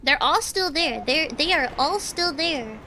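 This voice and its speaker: A young woman streaming a shooter game, reacting excitably, shrieking and swearing as she plays. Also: high voice, a little slow, noisy background. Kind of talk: live gameplay commentary. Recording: loud game gunfire under voice. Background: shooter game sounds and gunfire.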